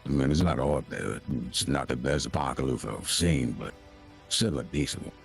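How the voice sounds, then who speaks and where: A man voicing a grandiose, menacing male villain in a tabletop role-play game, with a gravelly, husky voice. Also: a bass voice, animated, faint music behind, exaggerated voice. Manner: slow grandiose villain monologue.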